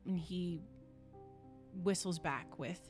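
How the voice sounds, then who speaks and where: A woman runs a tabletop game as game master, describing each scene with frequent fillers. Her voice is on the low side for a woman and her pace is slow and measured. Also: over loud music.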